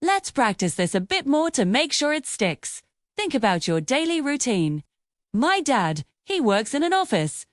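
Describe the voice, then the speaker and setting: A woman narrating a scripted English lesson, explaining grammar clearly and patiently with sing-song emphasis. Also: high voice, sing-song, measured pace, no echo, clean studio sound. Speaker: English teacher.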